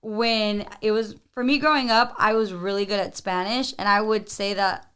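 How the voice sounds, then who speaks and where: A woman's voice: mid-range voice, steady tone, moderate pace, fairly bright tone, clear, resonant tone. A woman co-hosting a podcast, curious and chatty in casual talk. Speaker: podcast co-host.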